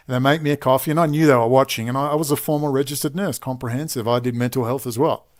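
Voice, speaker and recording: A man's voice: medium pitch, steady tone, fast talker, hardly any pauses. A middle-aged man with an Australian accent, telling a long personal story with emphatic asides and frequent digressions. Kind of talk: rambling personal storytelling monologue.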